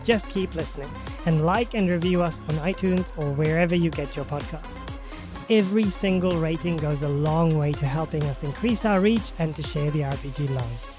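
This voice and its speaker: A woman's voice: sits low, moderate pace, over music. A woman podcast host narrating her moves in a tabletop game, casual and rambling. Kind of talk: tabletop role-play narration.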